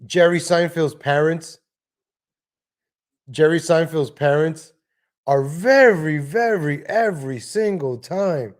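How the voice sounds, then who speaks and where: A man's voice: a little high, slow, pauses often. Rambling male livestream host. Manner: rambling, frequent restarts and asides. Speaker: live stream host. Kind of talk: casual livestream rant. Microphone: home desk microphone.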